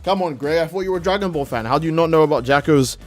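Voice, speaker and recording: A man's voice: on the high side, very fast, faint music behind. A young man streaming a game, rambling and joking with profanity in casual commentary. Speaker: gaming streamer.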